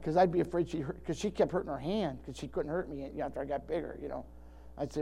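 Gray-haired male preacher, homespun and rambling, voice a touch high. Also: fast, a little mellow. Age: older. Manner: folksy, rambling, with many restarts. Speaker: pastor. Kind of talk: sermon.

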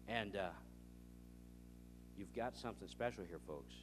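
A male preacher in the middle of a sermon, acting out a conversation with lively swings of pitch and loudness. He shifts between storytelling and scripture reading. A faint hum sits under the recording. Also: normal speed, long pauses. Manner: animated storytelling, acting out both sides of a dialogue. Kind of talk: sermon with anecdotes.

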